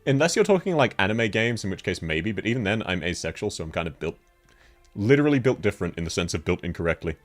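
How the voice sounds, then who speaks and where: A man's voice: on the low side, big pitch swings, fast talker, faint music behind. A man with an Australian accent, chatting casually on a game stream, laughing often as he answers chat.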